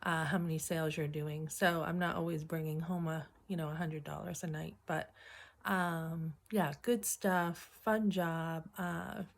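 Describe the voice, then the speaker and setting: A middle-aged woman casually telling a funny story from her job, chatty and animated, acting out what people said and often clearing her throat. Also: deep voice, a little slow. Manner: chatty, animated retelling with acted quotes. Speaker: vlogger.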